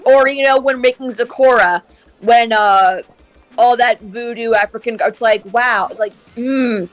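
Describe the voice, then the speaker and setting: A high-pitched woman rants with strong opinions while streaming a game. Her voice sounds dry and close. Faint music plays behind her. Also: a little slow, dry recording. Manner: opinionated, ranting. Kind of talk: casual chat while gaming.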